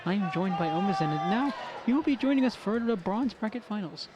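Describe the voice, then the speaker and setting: Male esports caster, high-pitched, strained voice, chatty play-by-play with jokes. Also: expressive, a crowd in the background, noisy background. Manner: quick, chatty play-by-play with jokey asides. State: strained, worn voice late in the day. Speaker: esports commentator. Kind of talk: live tournament commentary. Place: tournament venue.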